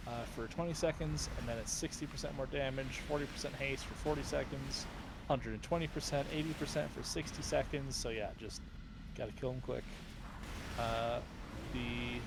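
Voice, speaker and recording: A man at an ordinary pitch leads a raid over voice chat, laying out the fight step by step. He fills gaps with uh and um. A clear hiss of background noise sits under his voice on the line. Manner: instructive, with frequent uh and um. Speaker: raid leader. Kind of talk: game voice chat, explaining tactics.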